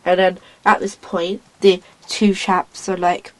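A woman in casual chat, retelling a story in a rambling, excitable way, acting out lines as she goes. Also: lowish voice, slow, low-quality recording.

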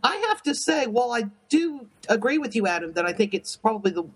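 A man's voice: extremely high pitch, lively intonation, quick pace, slightly rough. A man on a casual review chat, sharing earnest, enthusiastic opinions. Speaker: podcast co-host.

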